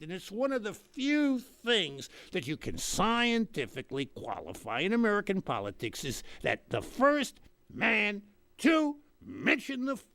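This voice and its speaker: A man performing a self-satisfied older politician who rambles through a comic monologue from his estate. His voice sits high and gravelly and swings widely up and down in pitch, recorded dry and close. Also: fairly bright tone, no room sound, heavily acted. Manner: pompous, rambling, mocking voices of others. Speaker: comic character host.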